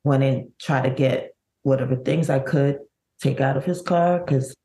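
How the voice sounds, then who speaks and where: A woman's voice: very deep voice, dark tone. Middle-aged woman recounting a painful memory. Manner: halting, vivid recounting with many restarts. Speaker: guest, bereaved mother. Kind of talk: emotional personal storytelling.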